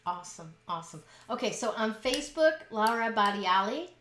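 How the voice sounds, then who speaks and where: A woman's voice: a little high, very animated, normal speed, reverberant, very noisy. A woman hosting an interview, encouraging her guest with short affirmations. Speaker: host.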